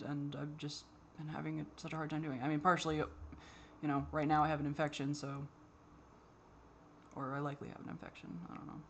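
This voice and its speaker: Halting, frustrated woman with a low voice. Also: a bit bright, a little hiss or hum. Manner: halting and frustrated, many restarts and fillers; swears when exasperated. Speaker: vlogger. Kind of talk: candid personal monologue.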